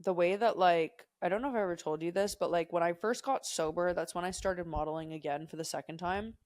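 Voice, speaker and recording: A young woman co-hosts a podcast in a low-leaning, slightly mellow voice, talking fast with no room sound. In casual chat she tells a rambling, profane story packed with digressions.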